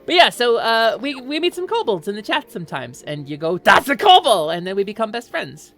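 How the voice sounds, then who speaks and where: A woman streamer talks through a live gaming session, bubbly and giggly, wandering from thought to thought. Her pitch leaps up and down in lively swings. Faint music plays softly behind her. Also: a little fast. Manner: excitable, giggly, rambling. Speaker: VTuber streamer. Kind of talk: casual live-stream chat while gaming.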